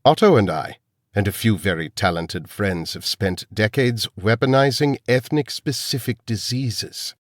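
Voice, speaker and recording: A man voicing a cold, menacing elderly male villain scientist, speaking slowly and calmly. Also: lowish voice, dry recording, studio quality, natural voice. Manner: calm, menacing, slow.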